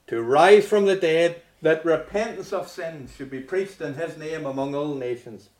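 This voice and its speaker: A man preaching a sermon with dramatic swings from loud rhetorical questions to hushed near-whispers. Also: mid-range voice, distant mic. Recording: echoey room.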